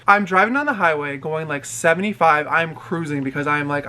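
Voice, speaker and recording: A young man vlogging and telling a dramatic story in an animated, expressive way, acting out the people in it. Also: a little high, a little fast. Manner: animated, dramatic storytelling with many quoted voices. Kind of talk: storytime vlog.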